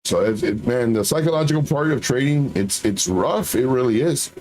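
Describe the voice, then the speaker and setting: A middle-aged man talks through trading in a loose, conversational way. He repeats phrases and slips into animated little quoted voices. His pitch sits right in the middle for a man. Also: moderate pace. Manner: conversational, repetitive, lively acted-out quotes. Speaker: trading channel host. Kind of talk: casual live market talk.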